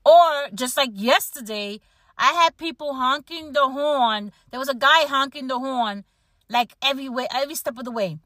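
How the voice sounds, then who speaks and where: A woman hosting a podcast, chatting casually and ranting with animated energy about everyday annoyances, often laughing at herself. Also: sits high, normal speed, no echo, studio quality. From United States. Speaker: podcast host. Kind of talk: casual chat.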